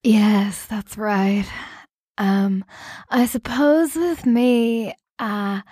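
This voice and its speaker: An Irish woman playing a self-described seductive influencer, speaking in a breathy, husky voice with a slow, deadpan manner in an improvised comedy interview. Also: medium pitch, dry recording, studio quality. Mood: sultry. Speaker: guest on comedy call-in podcast.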